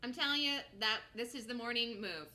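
A woman hosting a live day-trading show, giving rapid, repetitive play-by-play of her trades and gasping and squealing as prices move. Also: a little high, bright, forceful tone.

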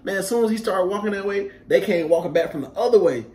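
A young man with a high, bright voice, telling stories to a friend in easygoing chat. He acts out the voices of the people in his stories and keeps the tale lively. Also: fast talker. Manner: animated storyteller, acts out quotes, laughs often. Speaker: vlog host. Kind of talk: casual storytelling chat.

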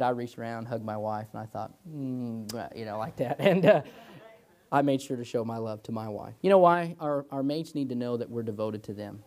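Young man, 20s, pastor, Sunday school lesson, folksy, storytelling, frequent amens, mid pitch. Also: darkish tone. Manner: chatty, tells personal stories, peppers lines with "amen" and "you know". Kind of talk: informal Sunday school preaching.

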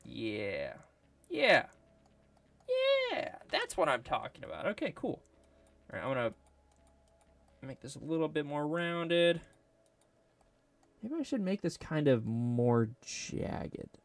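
While sculpting a 3D model, a video creator keeps up a casual running commentary to himself, full of tangents and jokes. His voice is on the high side with big pitch swings, and he talks at a measured pace with frequent pauses.

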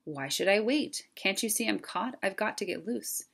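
A woman's voice: medium pitch, lively intonation, normal speed, vocal fry, fairly bright tone, slightly rough, full character voice. A woman voicing a young, frightened male crow in a storybook reading, sounding anxious and a little sheepish.

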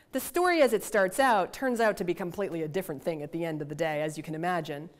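A middle-aged woman researcher giving a lecture, telling her field story in an animated, self-deprecating way with asides. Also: mid-range voice. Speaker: environmental researcher giving a talk. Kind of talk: lecture with a personal anecdote.

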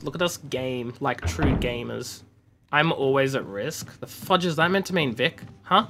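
A man's voice: medium pitch, sharp tone. An Australian man chatting casually and joking while he streams a game. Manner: chatty, joking, mock-grumbling. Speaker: livestreamer. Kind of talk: casual gameplay commentary.

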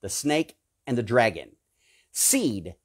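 A man preaching a sermon, fervent and emphatic, swinging between loud peaks and low hushed stretches, repeating and listing words for emphasis. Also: very animated, takes it slowly, breathy edge. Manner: repetitive, emphatic lists.

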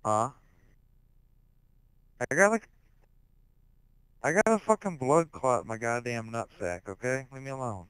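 A man's voice: mid-range voice, expressive, a little fast, few pauses, clean tone, no room sound, rough recording. Crude, foul-mouthed teenage boy on headset. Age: teens. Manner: crude, profane rambling with sudden shouted outbursts. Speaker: gamer in online voice chat. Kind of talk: casual voice chat.

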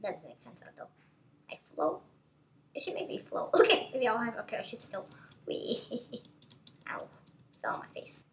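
A woman giving excitable, chatty gameplay commentary as a gaming channel host, constantly exclaiming at what happens on screen. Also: fairly high pitch, normal speed, pauses often, slight background noise.

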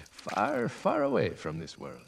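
A polite young foreign prince, awkward and hesitant, as a young actor plays him. His gravelly voice leaps widely in pitch, heard on a noisy stage recording. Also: wildly swooping pitch, takes it slowly, full character voice. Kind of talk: school musical theater.

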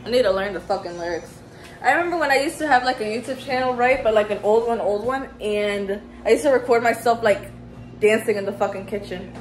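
Young woman vlogger, twenties, blunt and profane, slightly high voice. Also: brisk, soft background music. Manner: profane, slangy and candid. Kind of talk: casual vlog chat.

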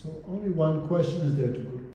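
A man's voice: a little high, expressive, fast talker, mellow, muffled recording, slight background noise. Guy lecturing at a religious class, chants sanskrit lines then explains, keeps asking the room questions, super echoey room. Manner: recites Sanskrit verses and translates them, asks rhetorical questions. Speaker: spiritual teacher. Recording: very echoey hall with long reverb.

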